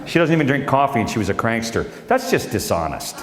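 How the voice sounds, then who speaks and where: Animated middle-aged comic in a hall. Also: male voice, medium pitch, quick pace, heavy background noise. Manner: storytelling, wry, animated. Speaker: stand-up comedian. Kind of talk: live stand-up comedy. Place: live stage at a benefit show. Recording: echoey hall, live stage.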